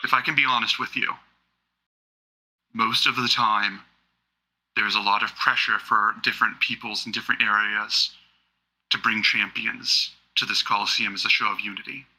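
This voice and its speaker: A man voicing a sympathetic male minotaur champion who speaks low, hushed and frank. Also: steady tone, unhurried, long pauses, low-quality recording. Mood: earnest.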